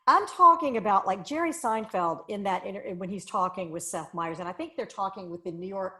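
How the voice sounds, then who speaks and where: A woman's voice: medium pitch, fairly quick, sharp tone. A woman in her forties hosting a conversational interview, talking in long, emphatic runs. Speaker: podcast host.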